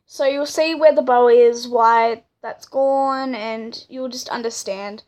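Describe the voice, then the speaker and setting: Chatty high-voiced young woman storyteller. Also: steady tone, slow, a little mellow. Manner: chatty, many "like" and "um" fillers. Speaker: fan story creator. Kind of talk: casual storytelling.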